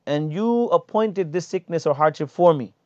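A man giving a casual, animated religious lesson, explaining hadith and acting out everyday complaints. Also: a little high, moderate pace, no room sound. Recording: dull lo-fi sound.

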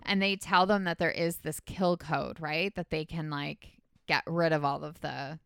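A woman with a low-set, very smooth and clean voice hosts a casual podcast. She talks through a film's plot in a loose, rambling way and keeps filling it with "like" and "um". She sounds close and dry, with no room around her. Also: steady tone, a little slow, fairly bright tone, dry recording. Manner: rambling plot retelling full of "like" and "um". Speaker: podcast host. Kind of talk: casual movie recap chat.

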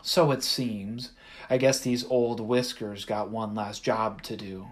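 A man's voice: fairly low pitch, flat delivery, slow. A man voicing a weary old male fox who talks in a wheezy, strained drawl. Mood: wry.

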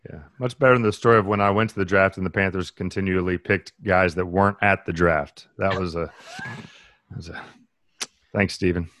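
A man's voice: low-pitched, fairly even intonation, brisk, fairly bright tone, no echo, studio quality. A man on a sports podcast in casual chat, playful and emphatic as he argues his point.

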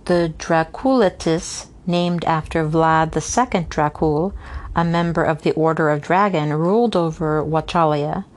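A woman with a fairly low voice reads a classic novel aloud at an easy, informal pace. She keeps a steady narrating rhythm but trips over hard names and restarts them. It sounds like a home reading rather than a polished studio narration. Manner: reads steadily, stumbles on hard names and pauses for unscripted asides. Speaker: reader. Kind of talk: casual read-aloud of a novel with asides.

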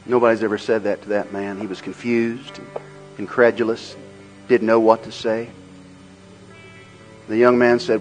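A man preaching a sermon. He swings between loud, rhythmic, repeated phrases and a low, quiet storytelling tone, over faint music. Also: flat delivery, normal speed, pauses often, rough recording. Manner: swells into loud, rhythmic repetition. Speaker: pastor.

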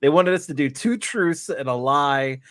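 A man's voice: on the high side, expressive, normal speed, fairly bright tone, no echo. A man hosting a podcast in casual chat, rambling and laughing through his words. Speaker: podcast host.

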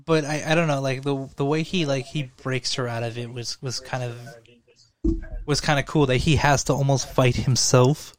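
A man co-hosting a podcast, talking casually and excitably, swearing and laughing as he goes. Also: medium pitch, normal speed, dry recording. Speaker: podcast co-host. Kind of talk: casual chat.

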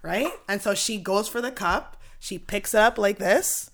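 A woman in her thirties telling a story in casual chat, laughing often and acting out other people's lines with big jumps in pitch. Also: a little slow, a little hiss or hum. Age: 30s. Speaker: podcast guest telling a story.

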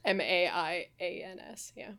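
A woman's voice: fairly low pitch, animated, unhurried, vocal fry, a bit bright. A woman co-hosting a podcast, loosely and profanely retelling a video game's story with amused laughs. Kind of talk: casual chat recapping a video game plot.

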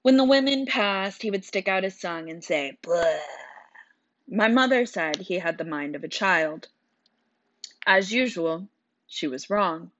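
A woman's voice: medium pitch, unhurried, fairly bright tone, no room sound. A woman narrating a story in the first person with a wry, dry telling. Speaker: audiobook narrator. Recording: dull, dry sound.

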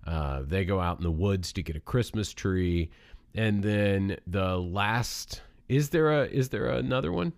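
A man with a very low voice talks casually with a co-host. He gets animated as he argues, his voice leaping up. The sound is dry and close. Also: a little slow, gravelly, dry recording. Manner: animated, jumps high in pitch when arguing. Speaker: movie podcast co-host. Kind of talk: casual chat.

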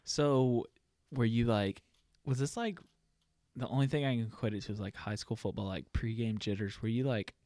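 A man hosting a casual interview, curious, asking many questions and quick to laugh. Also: mid-range voice, dark tone, no echo. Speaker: podcast host.

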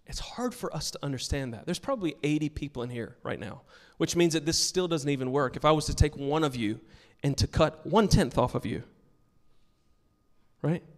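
Male pastor, slightly high voice, emphatic sermon delivery, long church-hall reverb. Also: animated, brisk. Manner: emphatic, earnest preaching with storytelling asides. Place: church sanctuary with a congregation.

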